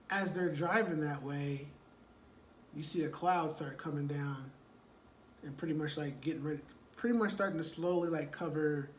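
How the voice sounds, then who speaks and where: A man's voice: on the high side, a little hiss or hum. A man casually retelling a movie plot, rambling and filling gaps with "like" and "you know.". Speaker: storyteller. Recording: roomy echo, distant mic, faint ambience.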